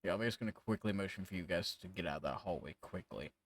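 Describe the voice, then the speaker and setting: A man's voice: sits low, quick pace. A man narrating as game master in a tabletop game, casual and rambling, swearing freely.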